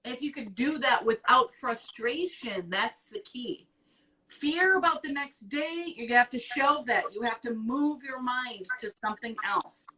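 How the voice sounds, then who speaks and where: A woman hosting an advice show in casual chat, blunt and profane, talking with animated emphasis. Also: on the high side, unhurried, distant mic, rough recording.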